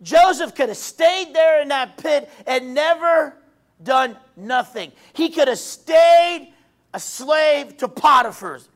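High-voiced emphatic male preacher. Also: lively intonation, takes it slowly. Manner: emphatic, repeats phrases, swings between shouting and quiet. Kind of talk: sermon.

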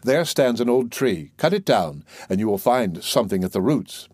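A man's voice: mid-range voice, animated, moderate pace, darkish tone, dry recording, studio quality, natural voice. A man reading the part of a little gray-haired old man with magic powers, who begs and then grants luck. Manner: beseeching.

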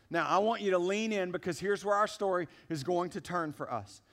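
A man's voice: sits high, a little fast, few pauses, a bit bright. A man preaching a sermon in a church service, emphatic and conversational, talking straight to the congregation. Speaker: pastor.

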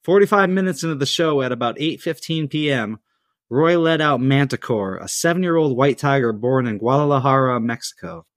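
A man's voice: medium pitch, brisk, dry recording. Dry, close-miked man telling a story. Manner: laid-back, reading with asides and chuckles. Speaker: podcast host. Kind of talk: casual storytelling from a script.

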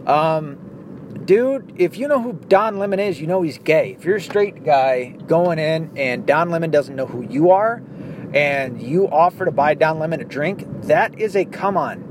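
A man's voice: on the high side, lively intonation, normal speed, slight background noise. A man hosting a podcast, ranting casually in a blunt, profane, opinionated way. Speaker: podcast host.

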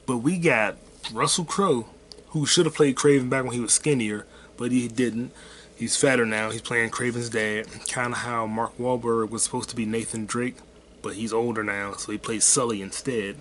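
Slightly bright and fairly even in intonation, his medium-pitched voice moves at normal speed with a little background noise. He hosts his podcast solo, ranting casually with lots of swearing and offhand jokes at his own expense.

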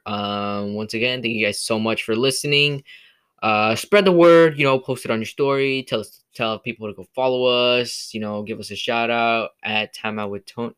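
A man's voice: mid-range voice, a bit bright, smooth. A man hosting a casual solo movie review podcast, rambling with many fillers and restarts, from California. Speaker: podcast host.

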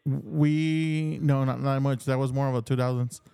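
Animated middle-aged man telling stories. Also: mid-range voice, normal speed, vocal fry, smooth. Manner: animated storyteller, laughs often. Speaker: podcast co-host. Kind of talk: casual chat.

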